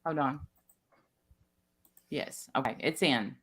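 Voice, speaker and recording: A woman, co-hosting a livestream and chatting casually in a jokey, animated way. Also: rumbling low, slow pace. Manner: animated, jokey, loud at times. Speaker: livestream co-host. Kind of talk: casual gossip chat.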